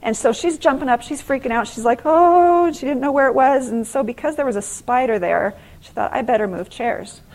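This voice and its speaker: Animated woman teaching a faith class. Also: on the high side, brisk, hardly any pauses, slight background noise, low-quality recording. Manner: animated storytelling, acting out exclamations. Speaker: conference speaker and author. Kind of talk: faith-based motivational class talk.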